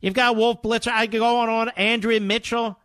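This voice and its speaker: A man hosting a talk radio show, playing clips and commenting on them in an indignant, combative manner with loud rhetorical questions. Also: extremely high pitch, little pitch movement, a little fast, clean tone, no room sound, studio quality.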